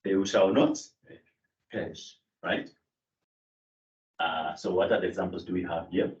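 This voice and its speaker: Low-voiced man lecturing in an echoey room. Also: normal speed, long pauses, a little mellow. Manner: explanatory, with fillers and self-corrections. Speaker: Greek lecturer. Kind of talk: classroom lecture. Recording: echoey room, distant mic, dull sound.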